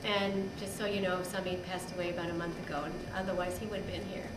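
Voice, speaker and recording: A middle-aged woman giving an informal birthday toast to her father, halting and giggling, with many fillers. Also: on the low side, little pitch movement. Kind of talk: informal party speech. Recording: echoey hall, far mic, loud crowd noise.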